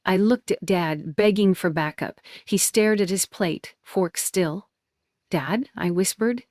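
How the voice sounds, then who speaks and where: A woman's voice: fairly low pitch, no echo, clean studio sound. A woman narrating a dramatic first-person story with emotional intensity.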